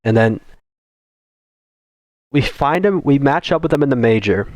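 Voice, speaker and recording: A mid-pitched man retells esports match moments on a casual podcast. He is animated and swears freely. His voice sits close on a dry microphone. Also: measured pace, no echo. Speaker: esports team co-owner, podcast host.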